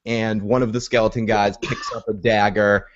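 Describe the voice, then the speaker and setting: A man's voice: on the low side, flat delivery, moderate pace, dull audio. A man co-hosting a casual recap podcast, retelling the episode with many fillers and restarts. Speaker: podcast co-host.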